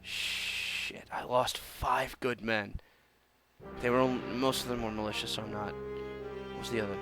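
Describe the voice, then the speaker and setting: A man's voice: mid-range voice, fairly even intonation, unhurried, gravelly. A man hosting a let's play, commenting on his game in a casual, wry way with sighs. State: coughing. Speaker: gaming video host. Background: game music.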